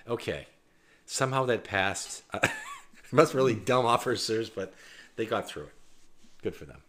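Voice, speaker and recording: A man co-hosting a casual podcast chat, joking around, laughing often and trailing off quietly at the ends of lines. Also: on the low side, wildly swooping pitch, normal speed, long pauses. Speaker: podcast co-host.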